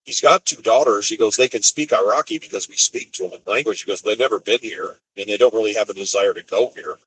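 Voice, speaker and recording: Talking quickly in a lowish, fairly bright voice, a solo expediter truck driver tells a rambling story from his vehicle on the road. The audio is poor with a little hiss or hum, and he restarts sentences and replays conversations as he goes.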